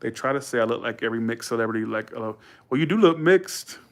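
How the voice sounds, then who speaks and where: A young man from Georgia, USA, live streams and chats casually with viewers, rambling through a story full of restarts, asides and self-corrections. His voice is medium-pitched, fast, fairly bright, with lively intonation; he speaks colloquially and quotes others in a raised voice.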